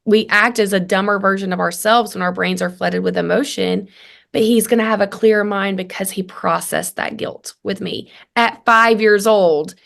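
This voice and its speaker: A woman in her thirties speaks earnestly as a guest on a parenting podcast. She tells animated family stories and acts out the dialogue. Her voice sits in a middle pitch. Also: normal speed, gravelly. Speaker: guest, family communication coach. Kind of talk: conversational interview.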